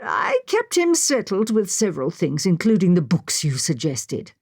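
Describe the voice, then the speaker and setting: A woman's voice: fairly low pitch, wildly swooping pitch, normal speed, vocal fry, a little mellow, breathy edge, heavily acted. Woman voicing a matter-of-fact nanny. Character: dutiful nanny, sensible woman.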